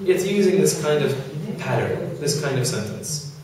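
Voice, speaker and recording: A man's voice: on the high side, expressive, normal speed, darkish tone, slight background noise. A man teaching an English grammar lesson to a class, explaining with many examples and fillers. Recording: echoey classroom from far off.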